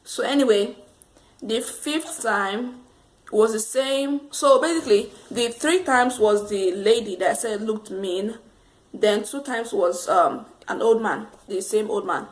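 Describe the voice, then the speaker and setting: A woman's voice: a little high, measured pace. Rambling woman telling a storytime. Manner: rambling, animated, laughs often. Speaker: vlogger. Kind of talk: casual storytime monologue.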